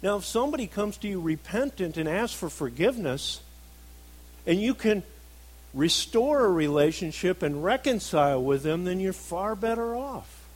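A middle-aged man preaching a sermon, earnest, moving between emphatic stresses and soft, reflective passages. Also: high-pitched, lively intonation, normal speed, rough recording.

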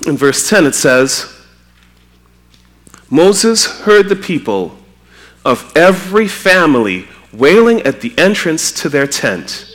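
A man from Trinidad preaching a sermon, animated and acting out quotes with a raised voice. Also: mid-range voice.

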